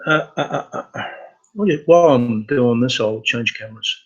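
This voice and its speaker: A man hosting a casual live computer training webinar, talking in a halting way with many fillers and restarts. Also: mid-range voice, slightly rough, lo-fi sound.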